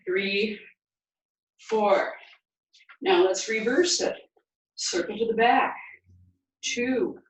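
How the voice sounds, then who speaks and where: A woman fitness instructor leading a guided home workout, counting reps aloud and giving steady encouraging cues. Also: a little high, a little hiss or hum. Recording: very echoey room, mic far away.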